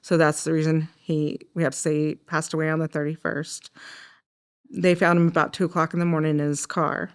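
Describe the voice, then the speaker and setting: A middle-aged woman with an Oklahoma accent, telling her story in a documentary interview in an emotional, halting way with frequent fillers. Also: low voice, little pitch movement, smooth. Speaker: mother of the deceased.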